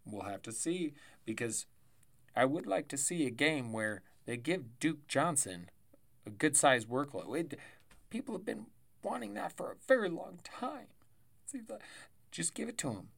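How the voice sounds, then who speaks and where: A man's voice: a little high, animated, unhurried, vocal fry, fairly bright tone. A man hosting a casual solo sports podcast, rambling and chatty with self-corrections and asides, tired and yawning. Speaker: fantasy football podcast host.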